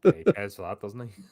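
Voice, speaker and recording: A man's voice: lowish voice, darkish tone. Wry man in casual podcast chat. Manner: chatty, wry, tells things at length. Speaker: podcast co-host.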